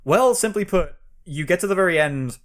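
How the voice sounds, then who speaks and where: A man co-hosts a relaxed games podcast, talking with an animated, up-and-down voice. He laughs easily and sometimes slips into a mock old-time announcer tone while retelling scenes. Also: sits high, moderate pace. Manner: animated, laughs often, puts on a newscaster voice at times. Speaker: podcast co-host. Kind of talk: casual chat about games.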